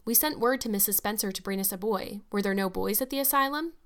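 Storybook casting: a stern older farm woman, curt and sharp, read by a woman close to her own voice. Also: medium pitch, quick pace, lightly acted.

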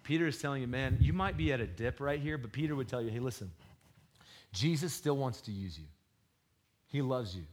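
A man preaching a sermon in an easy, slangy way, as if talking to friends. He swings between loud, emphatic bursts and soft, low retellings of scripture, and his pitch sits in a middle range. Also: brisk, slight background noise. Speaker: pastor.

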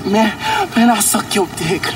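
A man's voice: high-pitched, measured pace, far from the mic, a loud crowd. A man plays a desperate, pleading male street hustler who begs over and over. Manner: begging, insistent and repetitive.

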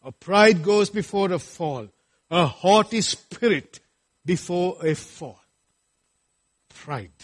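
A middle-aged male pastor preaching a sermon, emphatic and full of rhetorical questions. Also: high-pitched.

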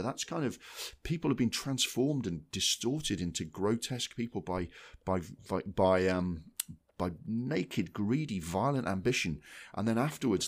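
A man co-hosting a film podcast, talking at length in casual chat, with lots of restarts and repeated words. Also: on the low side. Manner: rambling, many restarts, animated. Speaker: podcast co-host.

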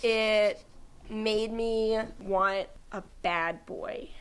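A woman's voice: on the high side, moderate pace. A young adult woman co-hosting a podcast, gushing in casual chat about a movie she loved as a child and breaking into bits of song. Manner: gushing, animated, bursts into sung snippets. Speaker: podcast co-host.

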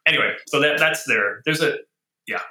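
Man, casual talk, animated, restarts often, roomy sound. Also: a little high, brisk. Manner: animated, thinks aloud with restarts and laughs. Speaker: guest, engineering leader and author. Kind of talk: casual conversation.

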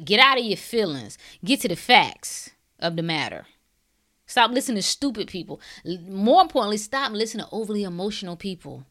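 Blunt woman ranting, bright voice, pitch all over the place, slangy and sarcastic. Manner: rhetorical questions, slangy. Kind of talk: casual monologue to camera.

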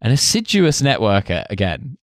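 A man's voice: lowish voice, very animated, normal speed, no echo, studio quality. A man co-hosting a casual comedy history podcast, reading from notes and breaking off into jokey asides. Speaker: podcast co-host.

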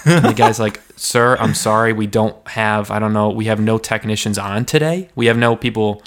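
A man's voice: lowish voice, normal speed. A man co-hosting a podcast, telling a story in casual chat and acting out the people in it. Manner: animated, acts out quoted voices. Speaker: podcast co-host.

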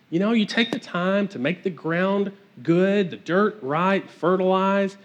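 A man's voice: high voice, a little slow, few pauses. A man preaching a sermon in a conversational, earnest way, often restarting his phrases.

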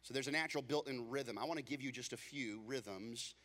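A man's voice: mid-range voice, a little fast, fairly bright tone, big-room sound. A man preaching a sermon as a pastor, casual and joking, slipping into acted voices to tell everyday stories.

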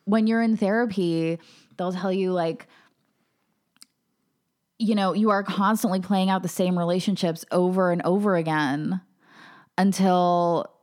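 A woman's voice: lowish voice, fairly even intonation, measured pace, pauses often, darkish tone. A woman co-hosting a podcast, talking casually with many fillers. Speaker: podcast co-host. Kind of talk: casual chat.

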